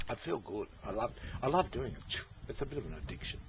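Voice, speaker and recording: A man's voice: mid-range voice, big pitch swings, fast talker, creaky. A man in a casual, rambling monologue to his viewers, who repeats himself and swears. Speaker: vlogger talking to viewers. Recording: dull lo-fi with faint noise.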